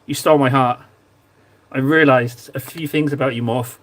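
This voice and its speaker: A man's voice: medium pitch, steady tone, normal speed, a bit bright. Playful man teasing his stream chat. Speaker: livestream host. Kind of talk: casual chat while painting miniatures.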